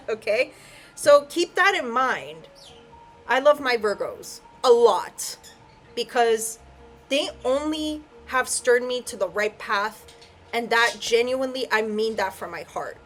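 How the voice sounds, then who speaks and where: A woman's voice: a little high, expressive, slow pace, a bit bright, soft background music. Earnest woman giving a spiritual reading. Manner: emotional, tearful at times, earnest. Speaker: tarot and I Ching reader. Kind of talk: heartfelt solo spiritual reading.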